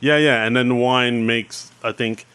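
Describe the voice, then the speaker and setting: A man co-hosting a podcast in casual chat, animated and acting out sketch lines in put-on voices. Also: medium pitch, moderate pace, smooth. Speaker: podcast co-host. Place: home podcast studio.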